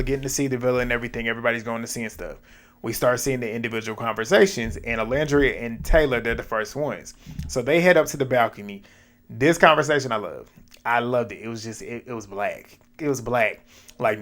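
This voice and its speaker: A man with a mid-range voice recaps a reality dating show in loose, casual chat. He laughs often, drops quick side remarks and talks to his viewers like friends. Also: mid-range voice, a bit bright.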